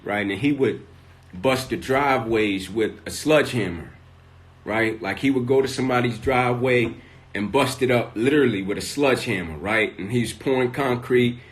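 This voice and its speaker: Man telling stories, "right?" after every line. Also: mid-range voice. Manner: tags nearly every sentence with "right?"; vivid storyteller, builds in intensity. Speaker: motivational speaker. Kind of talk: storytelling talk on a live stream. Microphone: phone.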